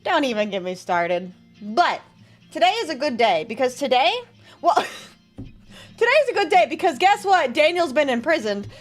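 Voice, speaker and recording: With faint music in the background, a woman VTuber chats with her audience at normal speed in a high, expressive voice. She goes through viewer messages sarcastically, laughing a lot.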